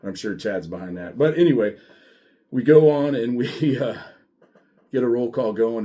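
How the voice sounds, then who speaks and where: A middle-aged man who once worked as a sheriff's deputy talks straight to the camera in a casual monologue. His delivery is blunt and full of swearing, and it stays lively and animated throughout. His voice sits in an ordinary middle pitch. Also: normal speed, pauses often. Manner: blunt, profane, animated storytelling.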